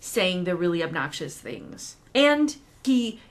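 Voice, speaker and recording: A woman's voice: lowish voice, very animated, slow pace. Chatty woman co-hosting a movie podcast. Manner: chatty, hesitant, fillers and restarts. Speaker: podcast co-host. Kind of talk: casual movie review chat.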